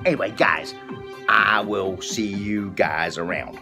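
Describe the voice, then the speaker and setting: A man's voice: on the low side, slow, creaky. A man doing a rambling, profane comic rant as a vlogger, repeating a drawling catchphrase. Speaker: comedy vlogger. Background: epic background music.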